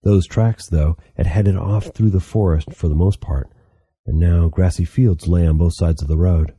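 A man narrating an audiobook in a steady, measured storytelling manner. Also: low voice, husky, no room sound. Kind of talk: scripted narration.

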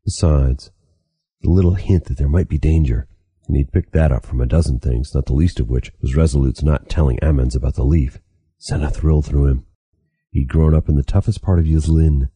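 Deep husky man reading an audiobook. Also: moderate pace, warm tone, dry recording. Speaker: author reading his own book. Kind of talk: audiobook narration.

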